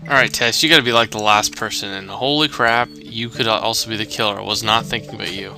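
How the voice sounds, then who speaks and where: A man's voice: on the low side, fast talker, pushed and bright, faint music behind. A man casually commentating a mystery game, rambling and thinking aloud. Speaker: gamer. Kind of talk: let's play commentary.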